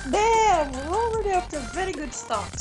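A young woman with a high voice hosts a casual podcast, rattling off crude jokes and swearing freely. Her talk is quick and rough-edged, and music plays clearly behind her. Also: expressive. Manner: fast, crude, joking, swears a lot. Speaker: podcast host.

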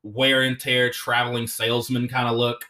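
A young man hosting a podcast, telling stories in an animated way, swearing often and slipping into voices. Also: mid-range voice, moderate pace. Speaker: podcast host and comedian. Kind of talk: casual chat.

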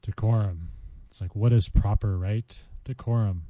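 A man's voice: fairly low pitch, normal speed, warm tone, dry recording. A man hosting a casual vocabulary podcast, chatting playfully as he walks through word mnemonics. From United States. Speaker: podcast host teaching vocabulary.

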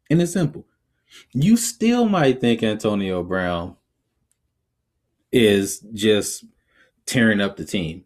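A man in the middle pitch range talks through his opinions as a podcast host. His delivery is casual and animated. He laughs easily and drifts into acting out little quotes. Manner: conversational, reflective.

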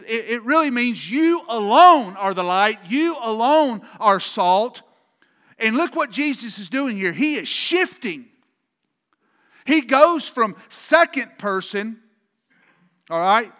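A man's voice: very high-pitched, animated, slow pace, pushed and bright, in a large hall. A man pastor preaching a sermon with an emphatic, repetitive cadence, speaking in a church sanctuary.

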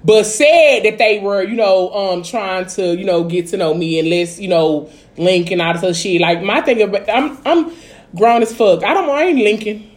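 A woman's voice: medium pitch, normal speed. A woman with a Dallas accent venting in a casual chat, blunt and profane with lots of filler phrases. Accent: Dallas, Texas.

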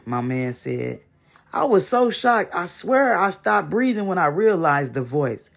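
A man reading a first-person short story aloud, measured and with dramatic pauses. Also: sits high, big pitch swings, creaky, a bit bright. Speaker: story reader.

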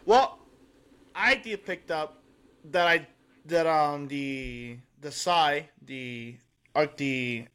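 A man co-hosting a podcast in casual chat, halting and searching for his words as he talks. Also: fairly high pitch, a bit bright, smooth. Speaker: podcast co-host.

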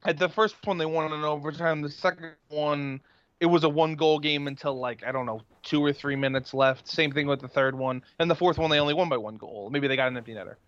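Guy talking sports with friends, kinda high voice, keeps restarting his sentences, lo-fi dull sound. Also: steady tone, fast talker, fairly bright tone, dry recording. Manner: rambling, lots of restarts and fillers. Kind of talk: casual sports chat.

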